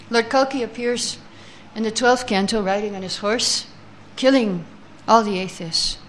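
A woman teaching a scripture class who chants verses slowly, then reads the translations and explains them, taking answers from her listeners. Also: a little high, a little hiss or hum.

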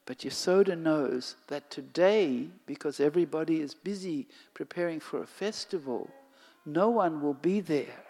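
A storyteller narrating a devotional tale slowly and expressively, sinking to a whisper at times. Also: mid-range voice, expressive, darkish tone. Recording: long hall reverb, faint music.

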